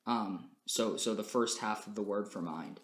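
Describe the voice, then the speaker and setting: A man's voice: lowish voice, normal speed. A young man giving a class presentation as a language student, explaining things step by step in a methodical way with frequent "um" and "uh" fillers. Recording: roomy echo.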